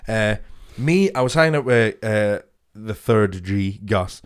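Sweary comedian telling stories. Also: male voice, fairly low pitch, lively intonation, takes it slowly, smooth. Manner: sweary, storytelling, laughs often. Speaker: comedian podcast co-host. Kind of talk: casual chat.

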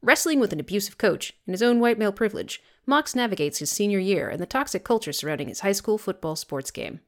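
A woman co-hosting a chatty podcast, her voice swinging widely up and down in pitch. She jokes and teases with a sarcastic, self-deprecating edge, mid-pitched and quick to rise. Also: lively intonation. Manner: sarcastic, jokey, self-mocking. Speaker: podcast co-host. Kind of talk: casual chat.

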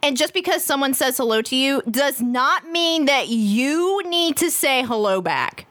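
A woman's voice: high voice, expressive, a little slow, a bit bright, dry recording, clean studio sound. A woman podcast co-host giving her opinion in casual chat, blunt, repeating phrases and swearing.

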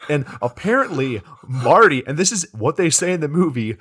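A man's voice: on the high side, sing-song, normal speed, fairly bright tone, breathy edge. A man co-hosting a podcast, recapping a movie plot in casual banter, amused and incredulous. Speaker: podcast co-host.

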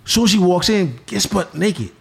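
A man telling a story in casual chat, slangy and animated, his voice jumping up for quoted lines. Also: sits high, moderate pace, gravelly.

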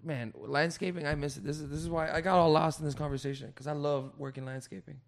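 A young man in casual chat, telling rowdy stories and swearing a lot, acting out loud quoted voices. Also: a little high, steady tone, fast, vocal fry.

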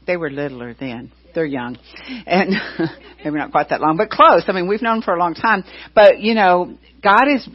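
A middle-aged woman who leads a church makes casual announcements in a low, husky voice. She's a chatty storyteller, peppering her talk with "you know" and retelling conversations. The recording is dull, muffled and lo-fi.

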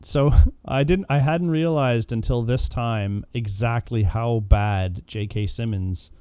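Man retelling film scenes, mellow dry voice. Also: medium pitch, takes it slowly, smooth, dry recording. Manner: animated, acts out characters' lines. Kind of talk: casual movie discussion.

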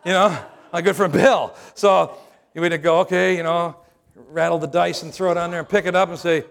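Man, middle-aged, pastor, sermon, high-pitched, humorous, conversational. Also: fairly even intonation, a little fast, creaky. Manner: humorous, conversational, keeps asking "right?".

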